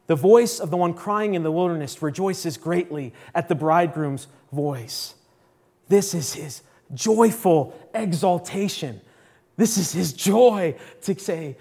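A man preaching a sermon to a congregation, impassioned, rising to loud declarations and dropping to hushed tones, repeating key lines for emphasis. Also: fairly high pitch. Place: church service.

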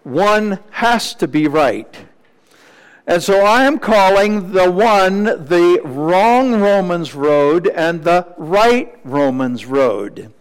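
A male pastor preaching a Sunday morning sermon in a measured, teacherly way, with small asides to the congregation. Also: high-pitched, animated, smooth, in a large hall, rough recording.

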